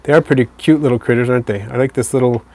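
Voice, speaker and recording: Relaxed man chatting on a live stream. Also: medium pitch, very fast. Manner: relaxed, rambling, with fillers and self-corrections. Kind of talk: casual live stream chat answering viewers.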